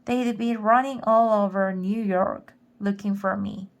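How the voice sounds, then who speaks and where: Slow, careful woman reading a storybook. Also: mid-range voice, steady tone. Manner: careful, rereading stumbled words. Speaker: storybook reader. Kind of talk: slow read-aloud for English learners.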